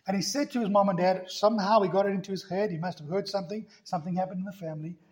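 A male pastor preaching a sermon emphatically, swinging between loud passages and hushed ones. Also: high voice, steady tone, racing.

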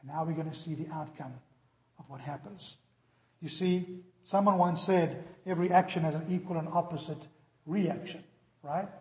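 A male preacher with a high voice delivers a sermon and acts out a lively story. The sound rings in a large hall with a long reverb. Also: normal speed. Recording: echoey hall.

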